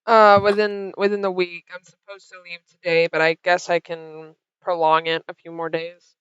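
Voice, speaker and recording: A woman narrating a tabletop game as game master, voicing characters with sudden high-pitched outbursts. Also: flat delivery, normal speed, a bit bright, clean tone, no echo, muffled recording.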